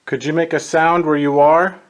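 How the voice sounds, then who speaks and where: A man's voice: on the high side, flat delivery, normal speed, slight background noise. A man investigating a haunted house, calling out to spirits and reacting with startled swearing. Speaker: paranormal investigator. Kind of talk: ghost-hunting video.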